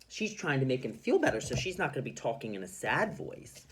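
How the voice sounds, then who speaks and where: A male teacher giving an expressive reading lesson to children, explaining how to voice story characters. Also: medium pitch, a little fast, few pauses, background noise.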